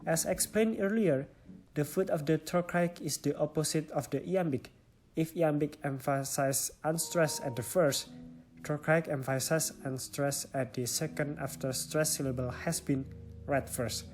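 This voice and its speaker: A man's voice: on the high side, a little slow, a little mellow, soft background music. A young man with an Indonesian accent, a student presenting a stylistics lesson and explaining it step by step. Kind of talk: reading a class presentation.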